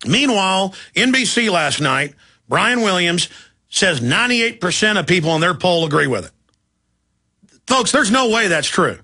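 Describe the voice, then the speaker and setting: A man's voice: high voice, big pitch swings, bright, forceful tone. A man hosting a talk radio show, delivering an emphatic, indignant monologue. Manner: emphatic, rapid-fire, indignant.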